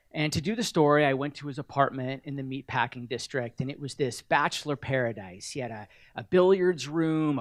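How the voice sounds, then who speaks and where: A man's voice: medium pitch, no echo. A middle-aged man giving an award acceptance speech at a podium, telling wry, self-deprecating stories.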